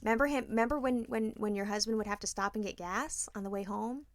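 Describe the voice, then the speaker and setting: A woman co-hosting a casual podcast chat, acting out stories with quick asides and plenty of swearing. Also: mid-range voice, no echo, studio quality. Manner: animated storytelling, acting out both sides of a date with quick whispered asides; swears freely. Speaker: podcast co-host.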